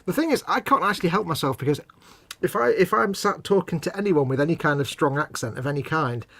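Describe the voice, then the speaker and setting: On a live model-building stream, a male co-host with a somewhat high, slightly bright voice and vocal fry talks fast and animatedly. In this casual chat he jokes, teases and gives long, rambling explanations.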